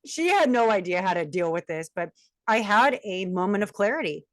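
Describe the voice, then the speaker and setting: A woman's voice: on the low side, brisk, no echo, clean studio sound. A woman in her forties, a guest coach, telling her life story candidly and acting out the voices she quotes. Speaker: guest, self-mastery coach.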